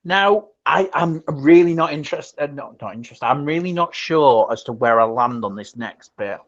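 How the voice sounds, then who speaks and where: A man's voice: a little high, moderate pace. A man hosts a casual film podcast, walking through a movie scene step by step. He talks loosely, with frequent ums and restarts. The sound is a little dull and lo-fi. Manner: animated retelling, acts out quotes, many ums and restarts. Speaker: podcast host.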